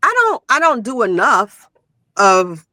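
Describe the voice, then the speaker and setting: A woman's voice: on the high side, very animated, takes it slowly, pushed and bright, no echo. A woman guest talking casually about her work, rambling with lots of "you know" and "like". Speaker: guest, magazine owner. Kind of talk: casual chat.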